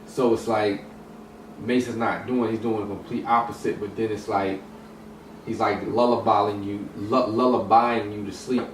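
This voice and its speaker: A man's voice: fairly low pitch, little pitch movement, moderate pace. A man in a casual hip hop discussion, talking in a rambling way with many restarts and fillers. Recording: roomy echo, distant mic, some noise.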